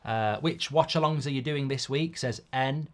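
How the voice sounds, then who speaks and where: A man's voice: medium pitch, normal speed. A middle-aged man, hosting a football watchalong in a rambling, sweary, casual live-stream chat.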